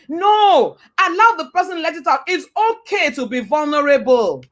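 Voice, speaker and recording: A woman's voice: high voice, lively intonation, brisk, hardly any pauses, a bit bright. A woman giving a motivational talk. She speaks emphatically, repeats her points, asks rhetorical questions and sometimes quotes scripture like a preacher.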